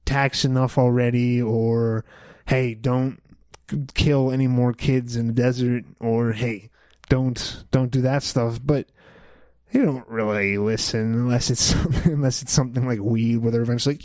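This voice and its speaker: A man's voice: mid-range voice, steady tone, normal speed, darkish tone, no room sound, studio quality. A young man hosting a solo podcast, rambling through his opinions with many fillers and restarts. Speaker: podcast host. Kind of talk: casual solo podcast monologue.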